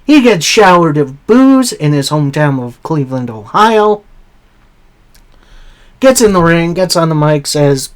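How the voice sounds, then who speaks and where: Male podcast host, slow and easygoing pace, casual recap voice with chatty asides. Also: on the high side, lively intonation. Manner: plain storytelling with asides.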